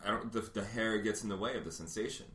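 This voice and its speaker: A man chatting crudely and casually as a podcast co-host, halting and repeating words, laughing often. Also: on the low side, a bit bright, reverberant.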